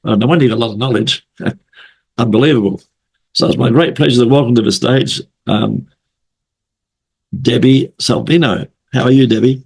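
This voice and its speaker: Hoarse, gravelly man hosting an interview. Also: mid-range voice, normal speed, pauses often, darkish tone. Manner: rambling, chatty, repeats words. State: hoarse from flu. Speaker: interview host. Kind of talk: casual interview. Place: at home late at night, remote call.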